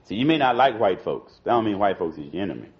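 A man's voice: on the low side, sing-song, quick pace. A man giving an informal political talk to an audience, talking in a loose conversational way, repeating words and saying "you know" and "see" often. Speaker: speaker addressing an audience. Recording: dull lo-fi archival recording.

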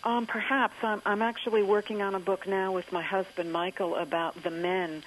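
A woman author in a radio interview, recounting history in a thoughtful storytelling way with frequent pauses and fillers. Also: medium pitch, little pitch movement, slight background noise, poor audio.

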